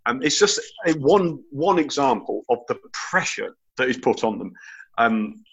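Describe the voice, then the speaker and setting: Male panelist, sharp tone with a husky edge, earnest and rambling. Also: mid-range voice, animated, measured pace, highs cut off. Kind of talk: sports discussion panel.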